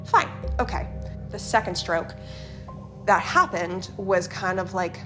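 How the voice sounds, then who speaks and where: A woman's voice: lowish voice, expressive, slow, music in the background. Candid young woman telling her story. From Canada. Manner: candid and emotional, with frequent swearing. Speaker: guest. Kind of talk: personal storytelling.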